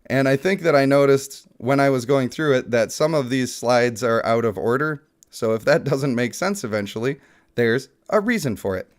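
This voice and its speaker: A man's voice: mid-range voice, animated, moderate pace. Chatty man hosting a gaming stream. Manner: chatty, self-deprecating, laughs often. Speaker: gaming channel host. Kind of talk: casual gaming commentary and dramatic reading.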